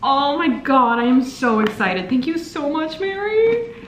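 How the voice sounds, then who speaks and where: A woman's voice: high voice, animated, unhurried, noisy background. A woman in her twenties making an unboxing vlog, gushing and exclaiming dramatically over book gifts. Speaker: book vlogger. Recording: echoey room, faint ambience.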